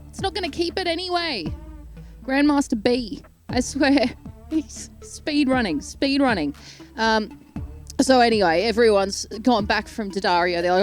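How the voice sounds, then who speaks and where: A woman delivering a sarcastic, animated comedic rant straight to camera, rambling from point to point. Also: fairly high pitch, normal speed, faint music behind. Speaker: comedic YouTube ranter.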